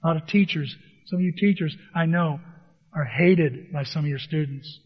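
High-voiced man preaching in an echoing hall. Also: moderate pace, slightly rough. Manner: animated storytelling, acts out dialogue. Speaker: pastor. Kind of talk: sermon. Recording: dull, long reverb in a hall.

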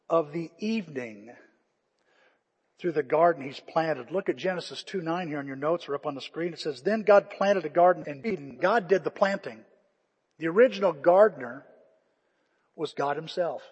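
A husky, somewhat mellow, fairly high voice belongs to an older pastor giving a conversational sermon in a church sanctuary. He retells scripture to the congregation with feeling, and the audio has the long reverb of a church hall.

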